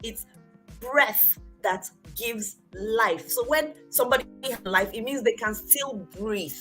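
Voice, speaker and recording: A woman's voice: on the high side, slow, faint music behind, poor audio. Engaging woman in her forties, host. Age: 40s. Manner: engaging, asks the audience questions and answers them herself; swings between loud emphatic bursts and soft near-whispers. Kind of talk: motivational talk to a live online audience.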